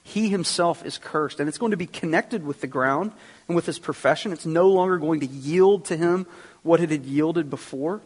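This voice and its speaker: A man's voice: fairly high pitch, moderate pace, slightly rough. A man preaching a sermon, teaching earnestly and speaking directly to the congregation. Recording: long reverb of a hall.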